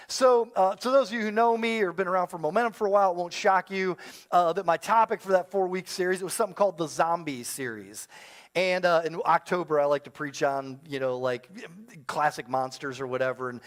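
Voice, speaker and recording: A man's voice: high-pitched, brisk. Man, pastor, sermon, light voice, joking storytelling. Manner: humorous storytelling, self-deprecating. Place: church service with live audience.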